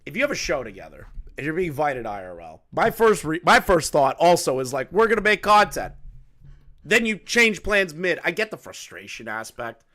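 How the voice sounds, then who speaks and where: A man's voice: on the high side, big pitch swings, brisk, few pauses, fairly bright tone. A man commenting casually on a clip and telling stories, loose and profane, laughing often. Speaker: commentary streamer.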